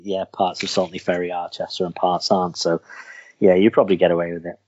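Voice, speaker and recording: Low-voiced chatty podcast man. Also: fast talker, a little hiss or hum. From Wales. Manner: chatty, rambling, animated. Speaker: podcast co-host. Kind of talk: casual chat. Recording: dull lo-fi sound.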